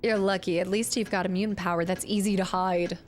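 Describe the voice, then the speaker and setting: A woman livestreamer chatting casually while playing a game, gushing and excitable, thanking viewers by name. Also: mid-range voice, brisk, faint music behind. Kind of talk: casual game stream chat.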